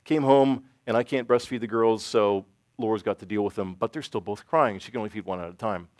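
A middle-aged man leads an informal church teaching and takes questions from the room. He talks in a halting, self-deprecating way and often restarts his sentences. His voice sounds close and dry, with no room echo. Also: on the low side, darkish tone. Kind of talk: informal sermon with Q&A.

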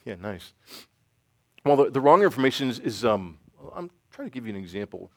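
A middle-aged man giving an informal church talk with audience questions, self-deprecating and halting, with many restarts. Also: mid-range voice, sing-song, darkish tone, dry recording, studio quality. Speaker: church teacher. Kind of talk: informal sermon with Q&A.

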